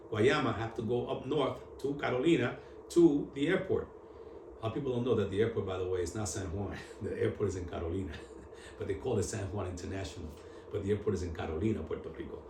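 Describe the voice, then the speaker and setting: Animated New man in his 60s, roomy and distant. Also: medium pitch. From New York. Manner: animated, street slang, mixes in Spanish. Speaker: founder telling his story. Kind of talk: on-camera storytelling interview. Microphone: camera at a distance. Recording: echoey room, voice from off-mic, faint hum.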